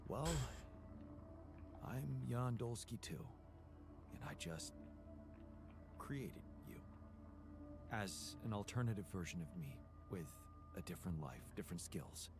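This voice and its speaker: An actor playing a patient man in a video game who calmly reassures and guides his newly made double in a measured, soothing way. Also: low voice, noisy background, full character voice. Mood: reassuring. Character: calm male creator, patient, reassuring guide.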